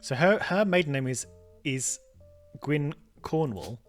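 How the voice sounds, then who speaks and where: A man's voice: on the high side, expressive, slow, soft background music. A man hosting a let's play, puzzling aloud over a detective game and often trailing off mid-sentence. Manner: thinking aloud, trailing off and restarting. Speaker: gaming video host.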